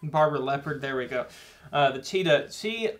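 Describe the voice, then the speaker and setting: A man's voice: medium pitch, animated, normal speed, a bit bright. A young man co-hosting a casual movie review chat, earnest and rambling as he works through his points. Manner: earnest, rambling with many fillers and restarts. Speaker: co-host of a movie review show.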